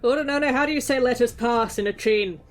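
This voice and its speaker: A woman's voice: on the high side, a little fast. A woman playing in a tabletop game, giggly and playful, often thinking aloud as she decides her moves. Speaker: player. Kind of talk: tabletop role-play chat.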